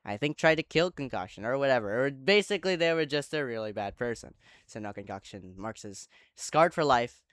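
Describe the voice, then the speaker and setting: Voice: mid-range voice, animated, fairly quick, fairly bright tone, no echo, studio quality. Rambling chatty storyteller. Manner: rambling, self-correcting, chatty asides to viewers. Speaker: channel host. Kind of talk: casual retelling of an online roleplay.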